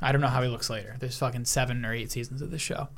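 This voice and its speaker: A woman with a notably low voice holds forth in casual conversation. She explains things at length and swears freely. Her tone stays relaxed and chatty. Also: racing. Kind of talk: casual chat.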